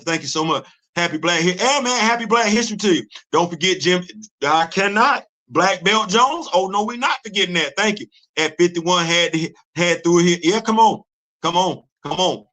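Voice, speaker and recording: A man hosting a casual live-stream commentary, animated and rhetorical, laughing often as he talks. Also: a little high. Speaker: host.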